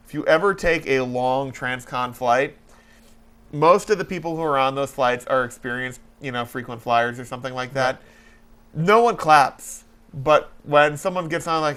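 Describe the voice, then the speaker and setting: Talk show host guy, bright voice, rambles a lot, lots of likes and restarts. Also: mid-range voice, smooth. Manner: rambling, hesitant, animated storytelling. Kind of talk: casual chat.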